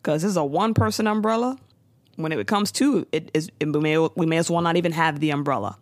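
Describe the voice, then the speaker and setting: A woman co-hosting a podcast, recapping a TV episode in casual, jokey chat with quick asides. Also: low-pitched, no echo.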